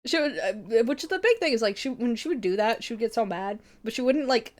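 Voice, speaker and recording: A woman's voice: on the high side, expressive, quick pace, darkish tone. A young woman streamer chatting casually, telling a rambling story with a lot of swearing and frequent laughter. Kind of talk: casual chat.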